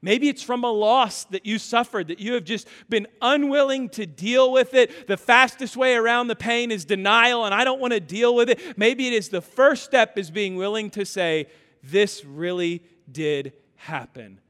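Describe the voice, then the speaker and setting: A man's voice: very high-pitched, moderate pace, few pauses, fairly bright tone. A man preaching a sermon, telling stories with emphasis and acting out family members' voices. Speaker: pastor. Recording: hall reverb.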